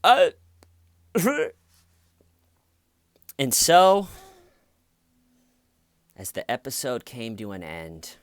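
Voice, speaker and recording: A man's voice: mid-range voice, big pitch swings, smooth, dry recording, clean studio sound. A man giving a casual, wry commentary monologue, now and then mocking the people he quotes. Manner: slow, wry, acts out quotes in mocking voices. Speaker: commentary vlogger.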